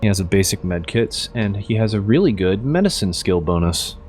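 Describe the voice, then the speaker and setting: A man narrating as game master, relaxed and full of fillers. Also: fairly low pitch, fairly quick, slight background noise.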